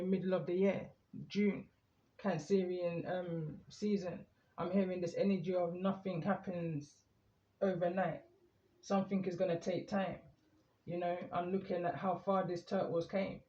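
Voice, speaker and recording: A man doing a calm, meandering tarot reading, reading the cards aloud as he draws them. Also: sits high, normal speed. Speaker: tarot reader. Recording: echoey room, muffled lo-fi sound.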